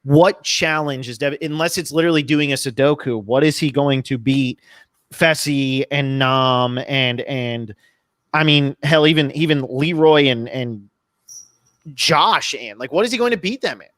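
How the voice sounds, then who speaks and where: Man, from New Jersey, podcast host, bright voice, opinionated, self-deprecating. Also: mid-range voice, moderate pace. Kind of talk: casual podcast chat.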